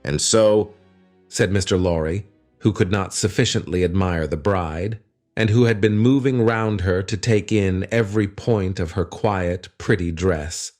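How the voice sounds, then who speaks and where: A man narrating a classic novel as an audiobook in a measured storytelling manner. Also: deep voice, darkish tone, faint music behind. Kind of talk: scripted narration.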